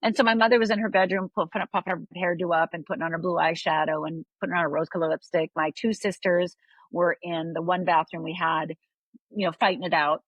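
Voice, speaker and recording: An older woman from Upper Michigan speaks as a podcast guest in a low, husky voice. She tells her story candidly and keeps checking in with quick tag questions. The sound is dry and close. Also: fairly even intonation, no echo, highs cut off. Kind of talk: personal storytelling.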